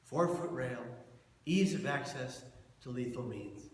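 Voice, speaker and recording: A man's voice: takes it slowly, slight background noise. A man giving a personal talk to an audience and acting out the people in his story with sudden jumps in voice. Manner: animated storyteller, acts out quotes with big jumps in loudness and pitch. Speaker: keynote speaker. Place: large event hall with an audience. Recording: far from the mic in a very echoey hall.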